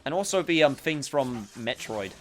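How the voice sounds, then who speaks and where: A man's voice: medium pitch, lively intonation, normal speed. A man giving casual let's-play commentary while he plays, rambling and full of fillers. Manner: rambling, filler-heavy, self-interrupting. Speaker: gameplay commentator.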